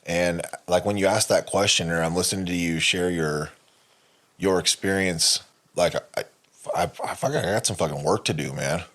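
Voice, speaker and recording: A man's voice: low-pitched, normal speed, fairly bright tone. A man co-hosting a podcast, telling a candid personal story in a rambling way, with many fillers and restarts and frequent swearing. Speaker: podcast co-host.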